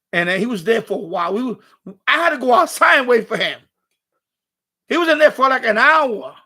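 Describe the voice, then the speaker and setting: A man hosting a live stream, telling a casual story with lots of swearing and laughter. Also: sits high. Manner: animated, swears often, laughs through the story.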